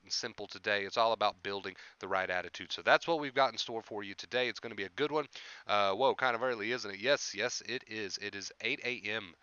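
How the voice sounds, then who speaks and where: Young male stream host, bright crisp voice, dry slightly dull sound, reassuring and repetitive. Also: lowish voice, no room sound. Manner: repetitive, reassuring, greets viewers by name. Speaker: anxiety recovery coach and live-stream host. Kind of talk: casual live-stream talk.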